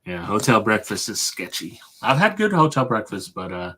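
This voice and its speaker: A man with a low voice co-hosts a podcast in relaxed, casual conversation. He is easygoing, drops "dude" and "yeah" often, and tells short everyday anecdotes. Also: moderate pace. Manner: laid-back, says "dude" and "yeah" often. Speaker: podcast co-host. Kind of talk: casual chat.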